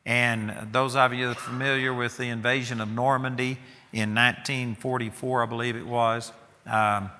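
A man's voice: mid-range voice, level tone, normal speed, pushed and bright, big-room sound, slight background noise. A man preaching a sermon to students, emphatic and given to storytelling, often repeating himself for emphasis.

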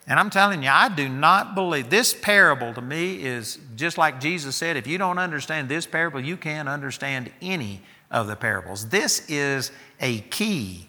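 A man's voice: a little high, lively intonation, normal speed, few pauses, sharp tone, long reverb tail. A man preaching a sermon to students, emphatic and given to storytelling, often repeating himself for emphasis.

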